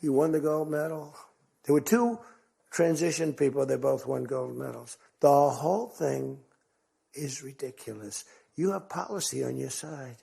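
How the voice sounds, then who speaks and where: A man's voice: mid-range voice, a little slow, gravelly, warm tone, breathy edge. An older American man giving a rambling speech to a crowd, telling stories and acting out quotes. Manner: rambling, repetitive storytelling with acted-out quotes.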